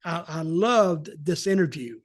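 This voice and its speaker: American man, podcast host, high voice, dry close sound, folksy, opinionated. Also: expressive, moderate pace, no room sound. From United States. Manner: folksy, opinionated, rambling storyteller. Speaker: podcast host, wrestling veteran. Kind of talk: casual podcast chat.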